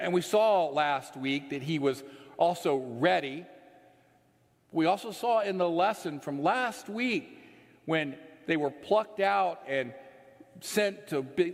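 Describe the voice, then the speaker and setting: A man preaches in a slow, unhurried sermon, his voice sitting a little high for a man. He speaks earnestly and lets phrase endings fall away into a low, soft hush. A long reverb from a large church sanctuary trails after every line.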